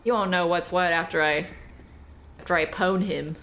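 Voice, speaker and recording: A woman's voice: lowish voice, normal speed, a bit bright, slight background noise, poor audio. A woman streamer giving casual gameplay commentary, playful and teasing, swearing freely and talking back to the game's characters. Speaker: game streamer.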